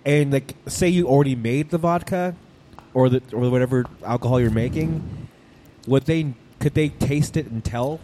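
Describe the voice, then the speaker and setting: A man's voice: mid-range voice, normal speed, warm tone, slight background noise. A man from New Mexico co-hosting a live show, asking long rambling questions. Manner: rambling questions full of restarts. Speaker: co-host. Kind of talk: casual chat.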